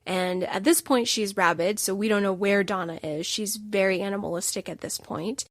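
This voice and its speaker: A woman's voice: medium pitch, moderate pace, no room sound, studio quality. A woman hosting a solo book podcast, telling the story with emotional, emphatic bursts. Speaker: podcast host.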